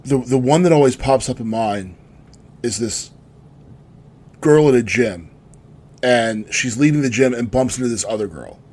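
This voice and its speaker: A man's voice: mid-range voice, normal speed, pauses often, a little mellow. Laid-back rambling man on a podcast. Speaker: podcast co-host. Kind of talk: casual chat.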